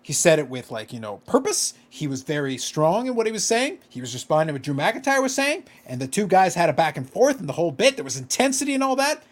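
A man's voice: on the high side, very animated, quick pace, hardly any pauses. A man co-hosting a casual podcast chat, ranting with profanity and disbelief. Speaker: podcast co-host.

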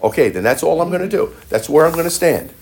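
A man's voice: on the high side, very animated, fast, husky. A male pastor preaching a sermon emphatically, with repeated phrases and frequent restarts.

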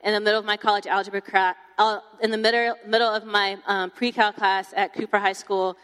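A young woman giving her testimony to a campus ministry group, telling it in a chatty, animated way with lots of fillers. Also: medium pitch, fairly quick. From Texas. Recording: long hall reverb.

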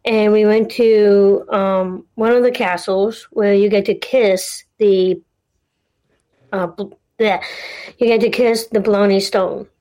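A woman's voice: medium pitch, steady tone, slow, mellow. A woman co-hosting a podcast in a casual chat, easygoing and chatty as she tells stories. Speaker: podcast co-host.

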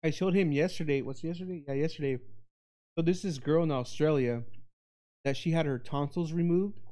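A man's voice: fairly high pitch, normal speed, mellow. Profane joking man on a podcast. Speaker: podcast co-host. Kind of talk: casual banter.

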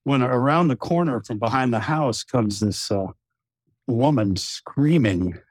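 A man, a retired general, telling a long anecdote with frequent chuckles in a relaxed podcast chat. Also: mid-range voice, a little slow, no echo. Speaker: retired general, former wing commander.

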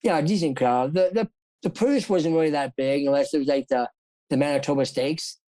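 A man's voice: a little high, brisk, warm tone, dry recording, poor audio. A man from South Dakota, a former jockey, telling his story as an interview guest in a rambling way with frequent laughs. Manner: rambling, laughs often, acts out quoted voices.

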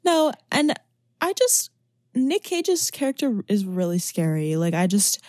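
A woman's voice: mid-range voice, measured pace, no room sound, clean studio sound. A young woman in casual conversation about a movie, talking loosely with lots of "like" fillers. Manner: chatty, many "like" fillers, animated quoting.

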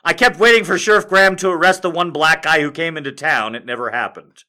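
A man's voice: a little high, fast talker, sharp tone. A man hosting a comic video, rambling and swearing a lot as he rants and then reads fanfic aloud. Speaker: comedic video host. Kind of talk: comic rant and fanfic reading.

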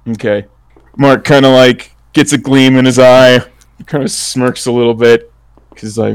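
A man playing in a tabletop role-playing game, talking in a relaxed, rambling way and laughing often. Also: medium pitch, moderate pace, clear, resonant tone. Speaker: player.

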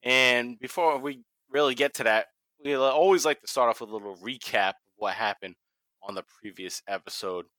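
A man's voice: mid-range voice, brisk, pushed and bright, dry recording. A man from Massachusetts with a Boston accent, hosting a casual wrestling podcast, swearing freely and laughing often. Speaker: podcast host.

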